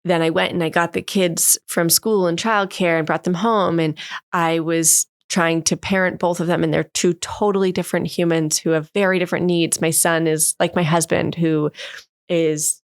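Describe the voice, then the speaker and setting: A woman in her thirties, a guest expert, telling stories in an animated way in a podcast interview and acting out the voices she quotes. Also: lowish voice, normal speed, no echo, clean studio sound. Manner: animated storyteller who acts out quoted voices. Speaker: guest expert on emotional development.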